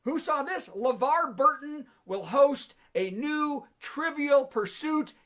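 A man's voice: very high voice, expressive, slow, fairly bright tone. Jokey man hosting a virtual comedy show. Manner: jokey, laughs at his own jokes, chats with the audience. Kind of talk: stand-up monologue on a video call. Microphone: video call.

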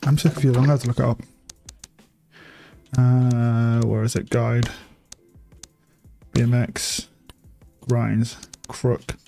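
Soft background music plays as a young man streams a bike game, speaking slowly in a flat, creaky, mellow mid-range voice and pausing often. Still, he's a chatty gaming streamer who swears freely and laughs a lot during his casual live commentary.

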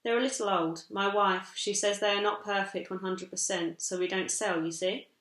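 A woman's voice: mid-range voice, steady tone, roomy sound, close to an everyday voice, rough recording. A woman voicing a kindly, generous old male shopkeeper who talks in short, broken phrases. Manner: halting, warm broken phrasing.

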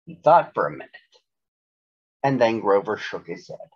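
A man reading a children's storybook aloud in a gentle, unhurried way. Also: on the low side, big pitch swings, husky. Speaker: storybook reader. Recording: dull lo-fi recording.

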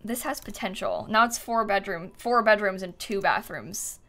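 A woman's voice: mid-range voice, animated, normal speed, a bit bright. A woman live-streaming a life-sim game, chatting casually, thinking aloud as she builds and thanking viewers by name with frequent giggles.

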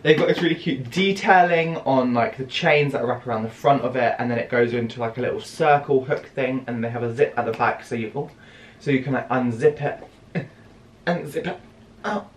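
Excitable British young man, echoey room. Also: medium pitch, normal speed. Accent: British English. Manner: excitable and exclamatory, gasping and laughing often. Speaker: fashion vlogger. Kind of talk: unboxing haul vlog. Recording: echoey room with clear background noise.

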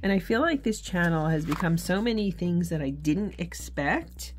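A woman's voice: fairly low pitch, expressive, normal speed. A woman vlogging about her faith in casual, earnest talk, candid and often correcting herself mid-sentence. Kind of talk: casual devotional vlog talk.

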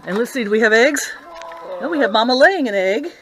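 Older woman, casual pet vlog, baby-talking to animals, high-ish voice, faint clucking in the background. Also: expressive, fairly quick, a little hiss or hum. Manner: chatty, coos and baby-talks to her animals. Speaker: vlogger showing her pets. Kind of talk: casual home video chat. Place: house, then backyard with chickens.

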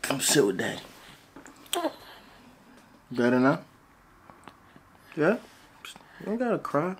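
Man, casual vlogger dad, hugely animated pitch swings, playful slangy coaxing, noticeable background noise. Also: takes it slowly. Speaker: vlogger and father. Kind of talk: casual talk to a toddler on camera.

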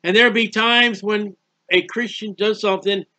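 A man teaches scripture in a relaxed, conversational sermon. His voice sits high and sounds bright and forward. He hammers points by repetition and rhetorical questions. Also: normal speed. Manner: plain-spoken, asks rhetorical questions, repeats phrases for emphasis. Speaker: preacher.

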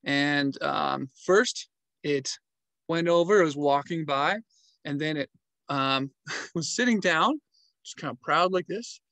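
Animated man telling animal stories. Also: fairly high pitch, takes it slowly, vocal fry, long pauses, no room sound, low-quality recording. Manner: animated, acts out animal movements and sounds. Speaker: travel vlogger and storyteller. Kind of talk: casual storytelling with animal sound imitations.

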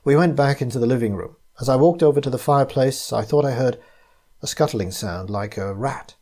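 A man reading his own detective story in first person, in a measured, even narration. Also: mid-range voice. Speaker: narrator and author.

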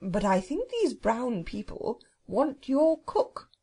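A woman reading a children's audiobook, voicing a polite, know-it-all male phoenix who speaks slowly and formally. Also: a little high, sing-song, mellow, husky, exaggerated voice. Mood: curious. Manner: slow, stately, formal. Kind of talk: storybook reading.

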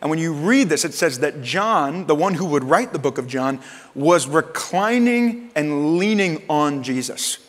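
A man preaching a sermon as pastor, in an animated, conversational way with casual slang. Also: a little high, unhurried, in a large hall.

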